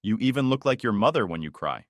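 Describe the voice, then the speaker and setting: A man voicing a cold, condescending older grandmother in a spoken story, light and sweet but sharp. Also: fairly low pitch, sing-song, fast talker, dry recording, studio quality.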